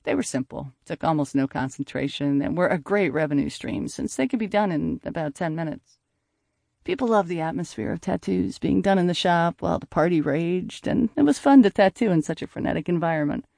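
Gravelly, mellow-toned male narrator. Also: fairly high pitch, animated, fairly quick, dry recording, studio quality. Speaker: audiobook narrator. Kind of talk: first-person audiobook narration.

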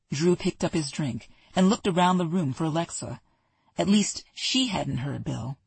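An audiobook narrator reading a romance novel in a steady, husky storytelling voice. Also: medium pitch, normal speed, no echo. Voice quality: breathy, husky.

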